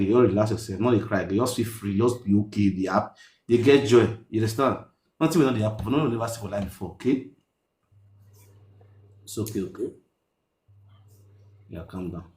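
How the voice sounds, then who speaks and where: A Nigerian man hosts a live stream in a roomy, echoing space. He talks quickly in a lowish voice and soothes his caller in Pidgin, repeating himself over and over. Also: darkish tone. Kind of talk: live-stream chat on speakerphone.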